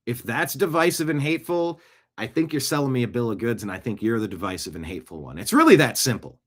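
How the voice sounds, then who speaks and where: A man's voice: medium pitch, lively intonation, fast talker, fairly bright tone. A man hosting a political commentary show in a sarcastic, rambling, jokey monologue. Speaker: show host.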